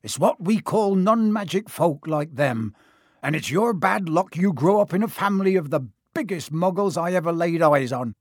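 A man voicing a huge, gruff, warm-hearted giant of a man with a rustic dialect, reading from a storybook. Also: on the high side, lively intonation, normal speed, no echo, clean studio sound. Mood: indignant.

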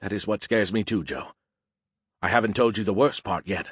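A man's voice: on the low side, normal speed, husky. A man voicing Skippy, a moody beer-can AI. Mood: troubled. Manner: formal, no contractions, lecturing. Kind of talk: audiobook character reading.

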